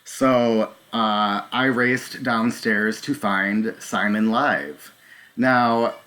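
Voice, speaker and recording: A man hosting a live stream, talking straight to his viewers in a halting, nervous way with many filler ums. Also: fairly low pitch, a bit bright. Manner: talks to viewers directly. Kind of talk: live stream recounting events.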